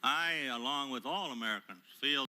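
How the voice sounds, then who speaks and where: An older man, a retired admiral, giving prepared testimony at a hearing in a formal, measured way with frequent hesitant pauses, speaking into a table microphone. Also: medium pitch, pushed and bright. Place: hearing room.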